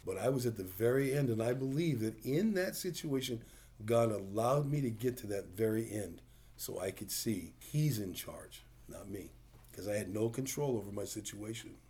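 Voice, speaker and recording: A man's voice: lowish voice, lively intonation, normal speed, mellow. A man preaching a conversational sermon, plain-spoken and full of rhetorical questions. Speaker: pastor.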